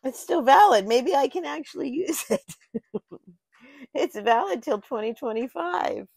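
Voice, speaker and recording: A woman's voice: sits high, lively intonation, a little slow, gravelly, a little mellow, slightly rough, no room sound. A woman hosting an unboxing vlog, thinking aloud and easily moved as she goes through the items. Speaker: channel host. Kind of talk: unboxing vlog, talking to herself.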